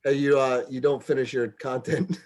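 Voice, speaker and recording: A man hosting a podcast who talks in a halting, stammering way and laughs along with his guest. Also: mid-range voice, flat delivery, a little mellow. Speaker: podcast host. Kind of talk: casual chat.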